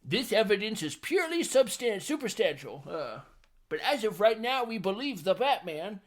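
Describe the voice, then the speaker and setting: A man doing a goofy, high-pitched impression of a bumbling middle-aged police commissioner. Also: big pitch swings, moderate pace. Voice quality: high, goofy, slightly silly.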